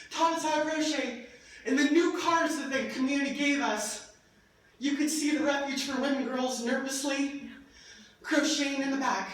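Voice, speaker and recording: High-voiced woman speaking in an echoey hall. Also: recorded from a distance. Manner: passionate, animated storytelling with laughter. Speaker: keynote speaker. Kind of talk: emotional testimonial speech. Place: large event hall.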